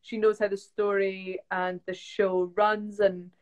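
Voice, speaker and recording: A young woman, an actress chatting on a video call live stream, telling stories lively and acting out quotes. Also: medium pitch, slow pace, muffled recording. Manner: chatty storyteller, acts out quotes, laughs often. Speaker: actress guest. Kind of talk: casual live-stream chat. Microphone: phone or webcam on a video call.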